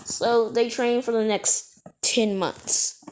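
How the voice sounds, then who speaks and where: A woman's voice: fairly high pitch, fairly even intonation, slow pace, a little hiss or hum. A woman casually retelling a fan story as narrator, rambling and correcting herself as she goes.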